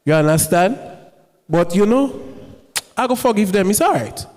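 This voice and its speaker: An actor playing an upset but forgiving bus driver. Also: male voice, high-pitched, expressive, normal speed, a little mellow. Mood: grumbling. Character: aggrieved middle-aged bus driver. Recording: hall reverb.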